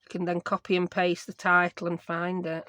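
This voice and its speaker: Her low voice is monotone, pushed and bright, at a moderate pace in a dry recording. She's a Yorkshire craft vlogger casually chatting through a desk tutorial, teasing herself and using local dialect words.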